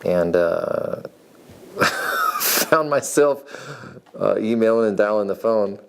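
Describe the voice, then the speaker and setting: A man in his forties from Nevada, with a deep voice that has a gravelly fry to it. He tells his life story in a relaxed, meandering way. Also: takes it slowly. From Nevada, USA. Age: 40s. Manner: rambling, laid-back, meandering. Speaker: reality show applicant, farrier. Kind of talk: casual personal storytelling.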